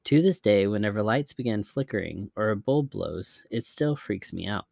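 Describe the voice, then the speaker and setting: A man narrating scary stories in a measured, even storytelling manner. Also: lowish voice, creaky, no echo, clean studio sound.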